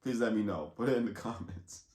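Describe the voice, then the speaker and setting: A man's voice: fairly low pitch, brisk, a little mellow. A man hosting a reaction video, chatting casually and speaking directly to his viewers. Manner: chatty, asks viewers to comment. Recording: roomy echo.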